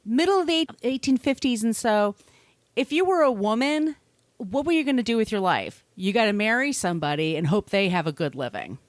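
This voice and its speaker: A woman's voice: on the high side, lively intonation, fairly quick, dry recording. A woman hosting a podcast, telling a true-crime story in a chatty, casual way, swearing freely and laughing often. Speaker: podcast host.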